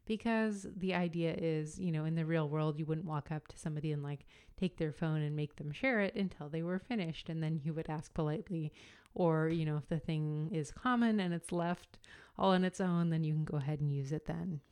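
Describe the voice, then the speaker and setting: A woman in her thirties hosting a solo podcast, explaining and comparing ideas in an unhurried way with frequent fillers. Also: low voice, steady tone, a little mellow, clear, resonant tone. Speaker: podcast host.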